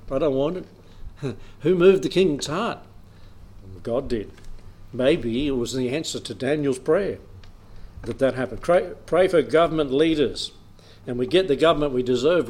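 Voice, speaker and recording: A man's voice: a little high, a little mellow. Man preaching in a plain chatty way. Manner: plain conversational preaching with small chuckles, reading old-style scripture aloud. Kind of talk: sermon, Bible teaching.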